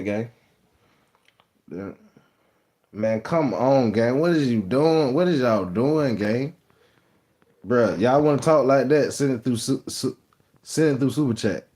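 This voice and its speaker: A man's voice: medium pitch, a little mellow. A man hosting a live stream, chatting casually and repetitively with his viewers, teasing commenters and calling them "gang", recorded on a phone. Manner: loose, repetitive, addresses chat as "gang". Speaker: livestream host.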